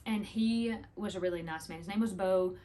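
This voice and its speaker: A woman's voice: mid-range voice, moderate pace, mellow. A woman, chatting casually to the camera, rambling through a story with laughs. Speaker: vlogger.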